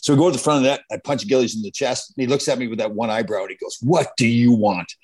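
A man and former player co-hosting a podcast, trading quick anecdotes in casual chat. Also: medium pitch, slight background noise.

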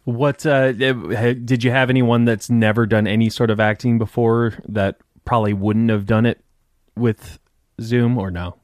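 Halting male host, dry sound. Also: medium pitch, steady tone, dry recording. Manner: halting, many fillers and restarts. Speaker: podcast host. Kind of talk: casual interview chat.

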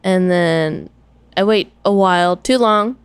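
A woman telling a story in a casual chat, animated and acting out the voices of other people. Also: lowish voice, takes it slowly, clean tone, dry recording.

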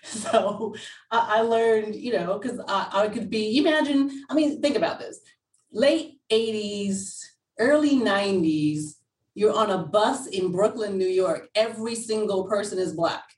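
A woman's voice: mid-range voice, unhurried, a little mellow, recorded from a distance. A woman chatting candidly as an interview guest, telling stories animatedly and laughing often. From England. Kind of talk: casual interview chat. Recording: roomy sound from away from the mic.

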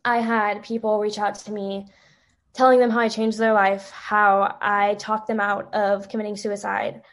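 A woman's voice: mid-range voice, level tone. Tearful young woman telling her story. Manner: tearful, halting, many fillers. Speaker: guest. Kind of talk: emotional personal story.

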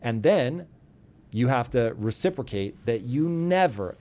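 A man telling a personal story as a podcast guest, animated and earnest, acting out both sides of old arguments. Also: medium pitch, a little fast. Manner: earnest and intense when giving advice.

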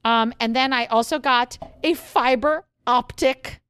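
A bubbly woman co-hosting a podcast, chatting casually and eagerly about her latest purchases. Her voice sits a little higher than most, and the recording is dry and close, with no room sound. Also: measured pace, clean tone, dry recording. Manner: chatty, excitable, trails off mid-sentence. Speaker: podcast co-host. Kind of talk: casual chat.

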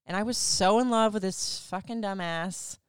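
A woman's voice: mid-range voice, normal speed, smooth, no room sound, clean studio sound. A woman hosting a podcast, telling a personal story in a chatty, casual way, swearing freely and using "like" often. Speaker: podcast host.

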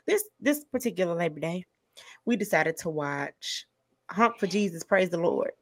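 A podcast host with a lowish voice tells stories at a moderate pace in casual chat. Her storytelling is animated, and she laughs often as she goes.

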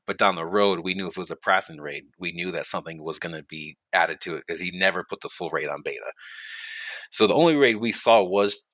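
A middle-aged man with a very deep voice talks easily through old gaming stories, full of fillers and asides. His tone has a bright, forceful bite despite the low pitch. The recording is dry and close, with no room around him. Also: dry recording. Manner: relaxed storytelling, many fillers and asides. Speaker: guest, guild leader. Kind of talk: casual podcast chat.

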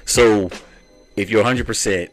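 A man's voice: fairly low pitch, measured pace, faint music behind. A middle-aged man from Baltimore with a mild Baltimore accent, hosting a podcast in casual chat and often repeating himself. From Baltimore, USA. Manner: laid-back, repeats himself. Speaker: podcast host.

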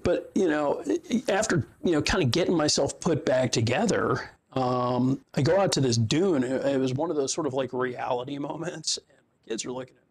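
A man's voice: mid-range voice, husky. A man in his fifties, an interview guest and fitness coach, telling stories in a rambling, profane way with lots of fillers and frequent laughs. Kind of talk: casual storytelling chat.

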